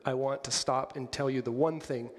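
A man's voice: medium pitch, steady tone, moderate pace. Man preaching in a reverberant hall. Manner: conversational, questioning the congregation, with light humor. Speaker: pastor. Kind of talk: sermon.

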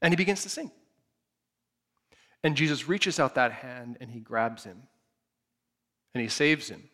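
Animated man preaching a sermon. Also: mid-range voice, measured pace. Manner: animated storytelling, acts out the scene. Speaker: pastor.

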